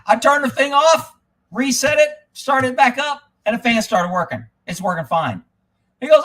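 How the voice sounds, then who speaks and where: A middle-aged man hosting a live stream, ranting loudly and profanely as he tells stories in casual talk. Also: very high-pitched, sing-song, moderate pace. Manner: loud, profane, type A storyteller.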